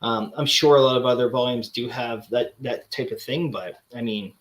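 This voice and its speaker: A man talking casually while showing off his recent comic pick-ups. He rambles, trails off and restarts often, with plenty of "um" and "like." His voice sits at an ordinary middle pitch. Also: steady tone, moderate pace. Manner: rambling, many fillers and restarts. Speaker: comic collector host.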